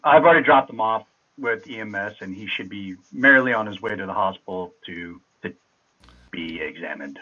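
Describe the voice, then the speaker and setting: A man playing in a tabletop game, relaxed and a little hesitant. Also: fairly low pitch, a little fast. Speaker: player. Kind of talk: casual tabletop play. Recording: tinny phone-like line.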